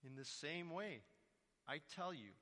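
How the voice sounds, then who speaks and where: A male pastor preaches in a high, very lively voice that swoops up and down, chatting with the congregation through rhetorical questions. His tone is crisp and very bright, and it echoes through a reverberant hall. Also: unhurried. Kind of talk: sermon.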